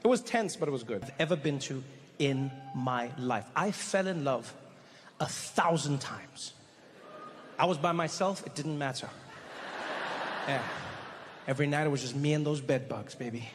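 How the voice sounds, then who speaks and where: A man doing stand-up storytelling on stage into a handheld mic, animated and breaking into quick voices for the people in his stories. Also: on the high side, big-room sound, slight background noise. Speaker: stand-up comedian.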